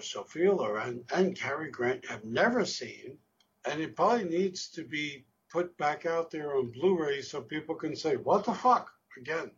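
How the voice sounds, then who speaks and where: A man co-hosting a casual film review podcast, halting as he searches for words, with casual swearing. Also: on the high side, muffled recording, slight background noise. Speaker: podcast co-host.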